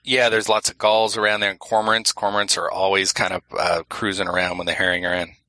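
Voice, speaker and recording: A man's voice: low-pitched, flat delivery, fast talker, sharp tone, dry recording, low-quality recording. A man co-hosting a casual podcast who laughs often, reads news stories aloud and. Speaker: podcast co-host.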